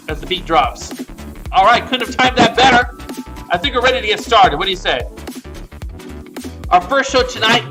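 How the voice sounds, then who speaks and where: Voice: medium pitch, sharp tone. A host opening a comedy livestream in an easygoing, chatty way, plugging upcoming classes. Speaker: theater host. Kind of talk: casual livestream intro. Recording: stream with faint music.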